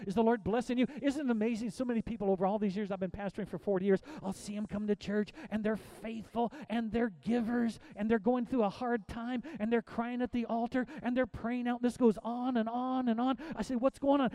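A middle-aged man preaching as a pastor, swinging between soft pleading and loud emphatic exhortation with many repeated phrases. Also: very high voice, a little fast, dry recording. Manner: preaching with rising and falling intensity, repetitive exhortations. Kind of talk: sermon.

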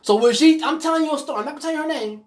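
A woman hosting a podcast, telling personal stories in a blunt, profane, animated way. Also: high voice, rapid-fire. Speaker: podcast host. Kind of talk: casual monologue storytelling.

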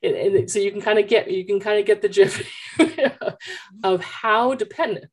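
A woman coach talking with parents in an animated, chatty storytelling way, through a headphone mic. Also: mid-range voice, a little slow. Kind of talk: consultation with parents.

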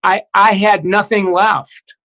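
High-voiced man telling his story haltingly. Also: flat delivery, sharp tone, rough recording. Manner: halting, many restarts and fillers, reflective. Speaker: guest. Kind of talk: personal recovery story in conversation.

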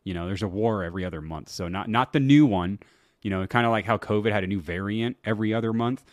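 A man's voice: fairly low pitch, fast, dry recording, studio quality. A man hosting his own podcast, chatting loosely and laughing at his own stories, with lots of swearing. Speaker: podcast host. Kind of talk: casual solo podcast talk.

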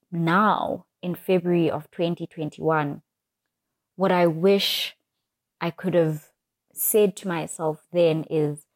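A young woman talks through a reflective podcast monologue, her voice set a little low and mellow in tone. She enunciates each word with deliberate care. The sound is close and dry, with no room echo. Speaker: podcast host.

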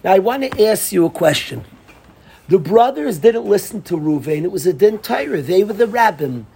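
In a lively Torah class lecture, a rabbi animatedly tells the story, performing the quotes, laughing frequently, and weaving Hebrew and Yiddish into his English. His high-sitting voice is gravelly with a breathy edge, at a moderate pace.

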